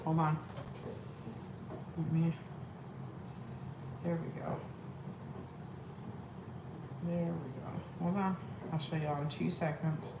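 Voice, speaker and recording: Chatty low-voiced woman in echoey kitchen. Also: level tone, slow, pauses often. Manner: chatty and scattered, talks to viewers as y'all. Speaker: weight-loss coach hosting a live cooking stream. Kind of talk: casual live cooking demo. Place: home kitchen with pets and family about. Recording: echoey room with clear background noise.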